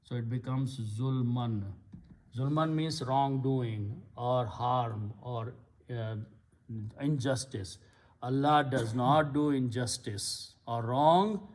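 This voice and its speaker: A man's voice: mid-range voice, slow, darkish tone. A man giving a patient, step-by-step lecture on Arabic grammar and vocabulary. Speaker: Quran Arabic teacher. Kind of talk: slow explanatory lecture.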